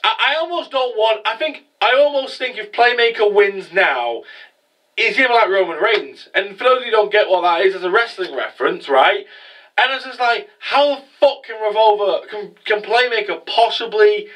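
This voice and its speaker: A man's voice: high-pitched, expressive, moderate pace, a bit bright, far from the mic, poor audio. A man casually recapping an anime episode as a reviewer, rambling with lots of swearing and fillers. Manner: rambling, profane, many fillers.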